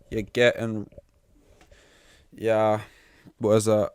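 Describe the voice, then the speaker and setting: A man's voice: lowish voice, normal speed, background noise. A young man hosting a solo podcast, rambling in a sarcastic, sweary way. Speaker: podcast host. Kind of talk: casual solo podcast monologue.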